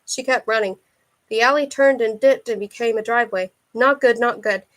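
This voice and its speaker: A woman reading a thriller novel aloud in a steady, unhurried narration. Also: fairly high pitch. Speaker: audiobook reader.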